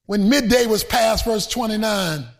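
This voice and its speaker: Soft music plays behind a high-voiced man preaching unhurriedly. He's emphatic, often shouting, lifting into a sing-song chant and cracking casual jokes at the congregation.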